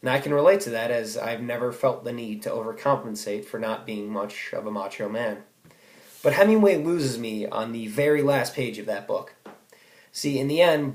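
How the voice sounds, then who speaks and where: Wry teenage boy in an echoey room. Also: mid-range voice. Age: teens. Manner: wry, self-mocking storytelling with sudden outbursts. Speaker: student giving a speech. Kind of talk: comic personal essay read aloud.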